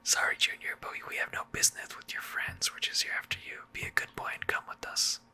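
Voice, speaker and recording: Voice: a little fast, bright, forceful tone. A streamer reading a stern male knight's commands in whispered role-play. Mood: commanding. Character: stern male knight leading a capture squad.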